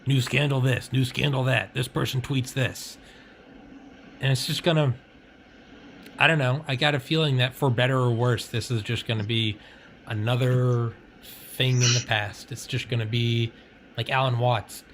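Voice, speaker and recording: A man's voice: mid-range voice, steady tone, moderate pace, slight background noise. A man rambling in casual chat, swearing freely and leaning on "like" and "you know.".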